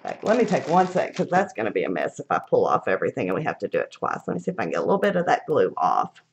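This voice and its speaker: A woman's voice: rumbling low, wildly swooping pitch, rapid-fire, creaky, a little hiss or hum. A middle-aged woman, chatting casually through a live craft demonstration, thinking aloud and laughing at her own mishaps.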